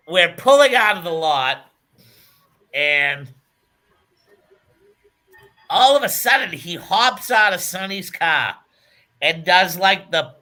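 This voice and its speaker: Bright high-voiced male show host. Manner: laughing storyteller. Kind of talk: casual chat.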